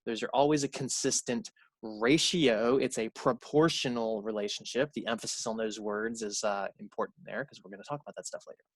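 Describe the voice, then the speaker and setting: A man's voice: on the low side, fairly even intonation, brisk, no echo. A man teaching a recorded college math lecture in a conversational way, repeating key points and correcting himself aloud.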